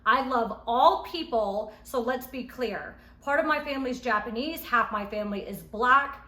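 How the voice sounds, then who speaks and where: A woman casually recapping a reality show episode she was in, telling it in an animated, emphatic way. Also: on the high side, moderate pace. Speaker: reality show cast member reviewing her episode. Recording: echoey room.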